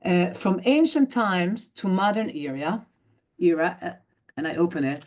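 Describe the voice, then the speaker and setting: Belgian-born woman, 50s, lowish voice, emphatic speaker on a video call, acts out dialogue. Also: sing-song, measured pace, darkish tone. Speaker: guest speaker, activist. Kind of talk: online talk.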